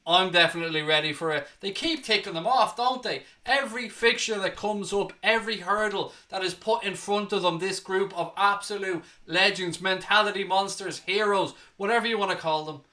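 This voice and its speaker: A young man hosts a football reaction show with hyped, excitable energy, a little out of breath. His voice sits high and bright, with a sharp, forceful edge as he keeps calling out to his viewers. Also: moderate pace, few pauses. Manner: excitable, hyped, addresses viewers as ladies and gentlemen. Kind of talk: energetic post-match reaction.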